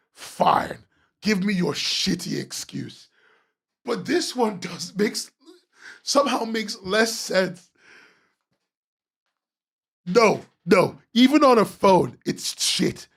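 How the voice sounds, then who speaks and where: A man's voice: high-pitched, animated, slow pace, vocal fry, slightly rough. A man hosting a webcomics podcast, ranting sarcastically as he critiques comic pages, swearing and laughing.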